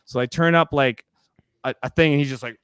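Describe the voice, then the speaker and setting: A man's voice: mid-range voice, fairly even intonation, brisk, fairly bright tone. A man from Canada co-hosting a podcast, telling a rambling story and acting out the quoted lines. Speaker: podcast co-host. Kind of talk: casual storytelling.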